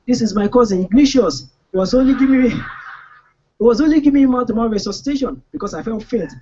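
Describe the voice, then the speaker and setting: A man's voice: extremely high pitch, lively intonation, a little fast, darkish tone, a little hiss or hum. A man voicing a breezy, unbothered young woman. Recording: muffled live recording.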